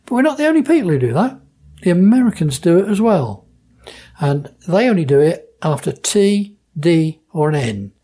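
This Norfolk man, a member of a dialect society, speaks at normal speed in a high, sing-song voice that is warm and husky. In his interview answers he explains local dialect words in his Norfolk accent with enthusiasm and a playful way with pronunciations.

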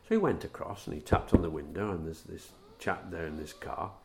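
A middle-aged man, a former footballer, recalling anecdotes in a relaxed interview, chuckling at his own stories. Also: low voice, fairly quick, gravelly. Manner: warm storyteller, chuckles at his own tales.

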